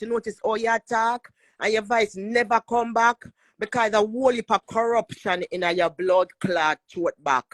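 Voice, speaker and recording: Scolding woman, fairly high. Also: normal speed. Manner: scolding, backing up the other speaker. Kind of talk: live-stream commentary. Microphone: phone.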